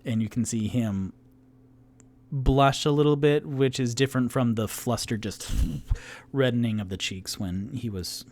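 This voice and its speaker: Slow, relaxed male game master. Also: mid-range voice. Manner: relaxed and descriptive, with casual fillers. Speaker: game master and solo player. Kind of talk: narrating a tabletop game.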